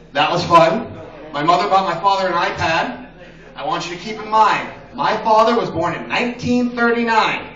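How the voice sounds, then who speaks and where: A man works a small open-mic stage with crude, rambling stand-up, now and then acting out voices. His voice sits high and bright. The lo-fi recording catches him from a distance in a roomy space. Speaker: stand-up comedian.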